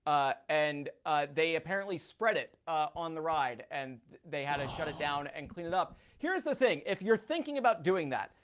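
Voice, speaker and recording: A man from South Florida, a guest analyst chatting casually on a radio show, telling animated stories. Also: a little high, moderate pace, few pauses. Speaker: sports betting analyst guest. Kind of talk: casual chat.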